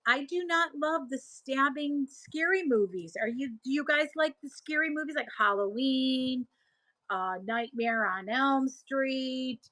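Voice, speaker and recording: Reading her viewers' comments and replying to them, a middle-aged Buffalo, New York woman runs a casual selling live stream. Her high, sharp voice moves at an unhurried pace while she rambles, drifts off and begins sentences again. It's a dry recording with poor sound.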